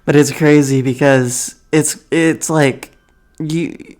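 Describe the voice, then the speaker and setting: A man's voice: fairly high pitch, fairly even intonation, slow, darkish tone. A young American man talking casually to his camera, rambling and correcting himself, often laughing. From United States. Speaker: vlogger.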